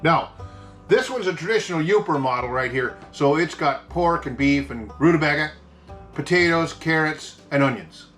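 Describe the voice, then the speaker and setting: A man with a broad Yooper accent from Michigan's Upper Peninsula hams it up as the host of a homemade comedy food review. His voice sits a touch high, with a folksy, joking delivery, and soft guitar music plays underneath. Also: lively intonation, moderate pace. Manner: folksy, hammy, jokey. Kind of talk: mock food-review show hosting.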